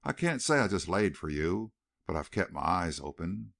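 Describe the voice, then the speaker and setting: A man's voice: deep voice, sing-song, moderate pace, creaky, fairly bright tone, full character voice. A man voicing a burly, coarse cowboy ruffian who talks in a genial, leering drawl.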